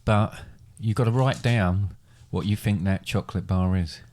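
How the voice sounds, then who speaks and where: A man's voice: lowish voice, moderate pace, darkish tone. A middle-aged man hosting a casual family podcast, running a quiz with playful game-show build-up. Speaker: podcast host, quiz master.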